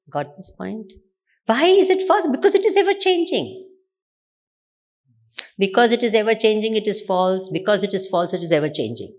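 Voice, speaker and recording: A woman with an Indian English accent giving a Vedanta discourse, repeatedly putting questions to her listeners. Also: a little high. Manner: asks the audience repeated rhetorical questions. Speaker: spiritual teacher.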